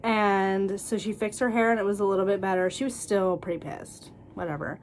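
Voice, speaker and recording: A woman's voice: medium pitch, a little fast, slight background noise. Blunt, chatty young woman vlogger. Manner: blunt, animated, laughs often. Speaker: cosmetologist sharing school experiences. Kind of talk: casual storytelling vlog.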